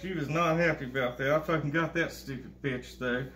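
A crude, bragging older state governor, as a man puts him on rambles. The voice sits high and bright. It rings in a roomy, echoey space. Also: fairly quick, a little hiss or hum. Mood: ranting. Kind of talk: comedic impression monologue. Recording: echoey room.

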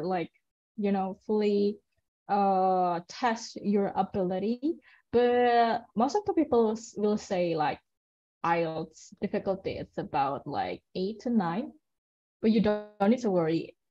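A woman English teacher talks through exam tips in a loose, chatty way, full of fillers and encouragement. Her voice sounds mellow and dark. The sound comes through a muffled, lo-fi online call. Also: medium pitch. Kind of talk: online class talk.

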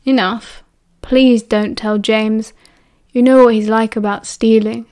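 A sullen, sardonic British teenage boy, as a woman reading a storybook gives him voice. He talks slowly and dryly, grumbling low in her range. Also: steady tone, darkish tone. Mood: pleading. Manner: dry, grumbling, slow.

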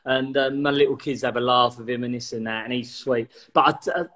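Bright-voiced man telling stories. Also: mid-range voice, fairly quick. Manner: animated storytelling, laughing, swearing. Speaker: co-host. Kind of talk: casual chat.

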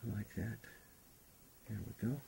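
A man's voice: fairly low pitch, a little slow, creaky, warm tone, a little hiss or hum. A man teaching a painting class, talking unhurriedly and thinking aloud as he paints. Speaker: painting instructor. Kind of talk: relaxed painting demonstration.

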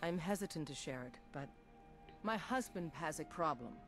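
A woman's voice: low-pitched, lively intonation, moderate pace, fairly bright tone, soft background music. A woman voicing a frank, slightly brusque middle-aged blacksmith and old war veteran in a video game. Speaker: game character.

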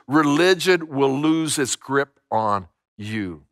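A man's voice: mid-range voice, a little slow, fairly bright tone, dry recording. Middle-aged guy preaching in church, punchy repeats, dry close sound. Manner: emphatic preaching with repeated phrases and stammered restarts. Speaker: pastor. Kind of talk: sermon. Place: church sanctuary.

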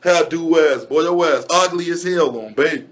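Guy roasting someone nonstop, kinda high voice, same catchphrases over and over. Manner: rapid-fire mocking insults with repeated catchphrases. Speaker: roast comedian. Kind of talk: comedic roast monologue.

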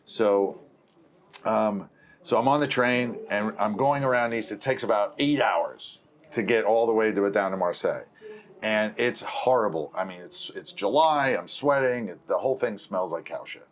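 A man's voice: fairly low pitch, normal speed. Man telling a rambling anecdote. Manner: rambling, self-correcting, acts out quoted dialogue. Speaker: film producer. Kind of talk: conversational storytelling.

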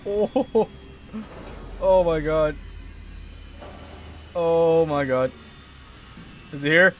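Man, game streamer, higher voice, slow talk, panicky, swearing, nervous laughs, faint game music. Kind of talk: live game commentary.

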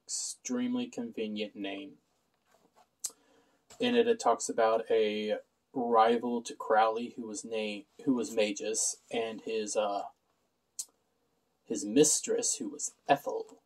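A man's voice: fairly low pitch, level tone, slow, long pauses, low-quality recording. A man casually recapping a TV episode with sarcastic asides and frequent fillers. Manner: sarcastic, offhand, many "uh" fillers. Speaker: show reviewer.

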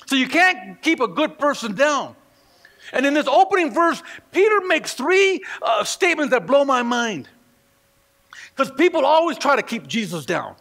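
In a church sanctuary with the long reverb of a church hall, a pastor preaches with a very high, sing-song, fairly bright voice at a moderate pace. He tells stories and acts out the voices of the people in them.

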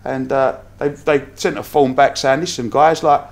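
A London man talks through his story at an easy, casual pace, acting out what people said and laughing as he goes. His voice sits in the middle range for a man, neither deep nor high. He comes across as a relaxed, chatty guest. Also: normal speed, gravelly. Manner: lively anecdotes with acted-out quotes, frequent laughs. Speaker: podcast guest, entrepreneur.

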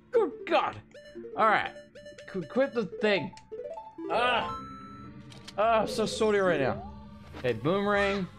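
A young man streaming a blind let's play, talking to himself as he gets lost and frustrated, swearing often. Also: high-pitched. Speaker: gaming streamer. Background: game music.

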